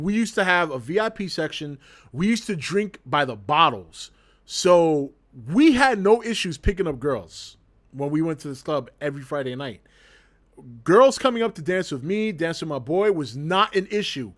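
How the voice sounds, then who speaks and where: A man with a slightly higher voice than most spins a story for his stream chat in a loose, casual way. He breaks into laughter mid-sentence and swears freely, acting out each exchange with lively energy.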